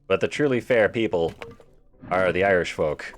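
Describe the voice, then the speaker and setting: A young man streams a game live, rambling and joking both to himself and to his chat in casual commentary. He speaks low-pitched at normal speed, with soft music in the background.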